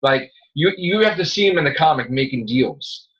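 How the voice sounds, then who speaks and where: A man hosting a casual podcast, rambling excitedly about comic books and swearing freely as he retells scenes. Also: fairly high pitch, normal speed. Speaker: podcast host. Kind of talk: casual comic book chat. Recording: dull lo-fi recording.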